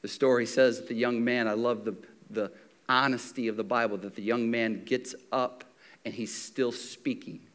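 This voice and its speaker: A pastor preaches at a moderate pace in a mid-range voice, narrating the stories lively and conversationally. He performs the characters' lines, moving from loud shouts to near-whispers.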